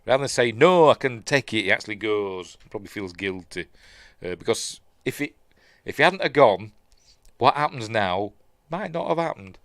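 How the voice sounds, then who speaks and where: A man with a Yorkshire accent talks his way through a film in a relaxed, rambling commentary, often trailing off into fillers and restarts. His voice sits fairly low. It is recorded close up and dry, with no room echo. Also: moderate pace. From Yorkshire, England. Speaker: film review host. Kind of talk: casual watch-along commentary.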